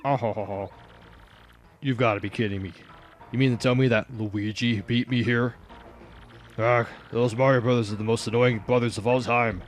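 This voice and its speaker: A man voicing a blustering turtle king villain who boasts and shouts, over a video game playthrough. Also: medium pitch, fairly even intonation, moderate pace, soft background music, close to an everyday voice. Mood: indignant.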